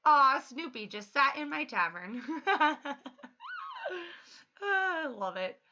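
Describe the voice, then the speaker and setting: Woman, 30, game streamer, bright, casual chat, upbeat, muffled lo-fi audio. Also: sits high, very animated, slow pace, a little hiss or hum. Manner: chatty, upbeat, laughs often. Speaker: game livestreamer.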